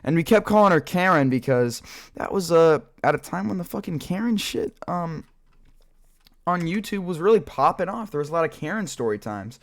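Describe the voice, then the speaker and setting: Young guy rambling thru a story, cussing a lot, kinda high voice, tons of likes and uhs. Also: expressive, normal speed. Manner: rambling, profane, full of filler words. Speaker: storyteller vlogger. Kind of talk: casual story time while gaming.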